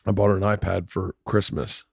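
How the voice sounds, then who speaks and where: A man's voice: deep voice, flat delivery, a little fast, creaky, darkish tone, breathy edge, no room sound, clean studio sound. A man hosting a casual podcast, talking in an earnest, rambling way and repeating himself. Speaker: podcast host and touring comedian.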